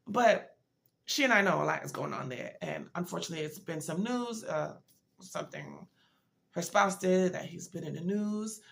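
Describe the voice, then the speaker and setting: A woman speaks to her viewers in a loose, heartfelt vlog, rambling a little as she shares personal news. Her voice sits low and has a gravelly fry to it. She sounds worn out and tired. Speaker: motivational vlogger. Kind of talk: casual personal talk to camera.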